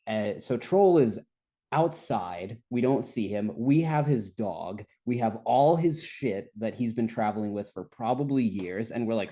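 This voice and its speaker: A young man with a fairly low voice tells a long, rambling story in casual conversation. He laughs often and swears freely as he goes. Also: a little slow, mellow. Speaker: guest storyteller. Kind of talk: casual chat.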